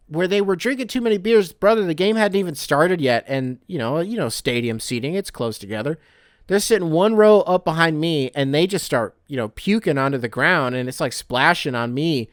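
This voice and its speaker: A man's voice: fairly high pitch, a bit bright, no echo, clean studio sound. A young man hosting a podcast, rambling and swearing in a self-mocking way. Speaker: podcast host. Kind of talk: casual solo podcast monologue.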